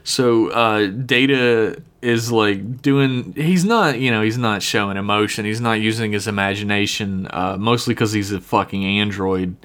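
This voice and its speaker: A man's voice: on the low side, measured pace, few pauses. A man co-hosting a casual podcast chat, retelling stories animatedly and swearing casually. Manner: animated storyteller who acts out quotes; laughs often, swears casually. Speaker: podcast co-host.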